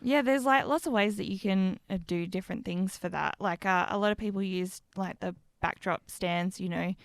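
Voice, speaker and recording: A woman's voice: medium pitch, normal speed, gravelly, dry recording. A woman with an Australian accent chatting casually on a podcast, rambling with lots of fillers. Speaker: podcast co-host and cosplayer.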